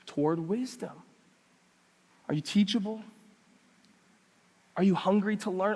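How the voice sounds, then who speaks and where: A man preaching a sermon as pastor, telling funny stories and asking the congregation pointed questions. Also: a little high. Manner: animated, humorous storytelling with many rhetorical questions. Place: church sanctuary. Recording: long church hall reverb.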